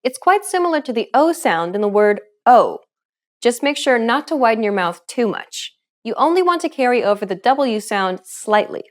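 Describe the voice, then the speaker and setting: A woman hosting a language lesson, explaining pronunciation in clear, encouraging scripted narration. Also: fairly high pitch, sing-song, normal speed.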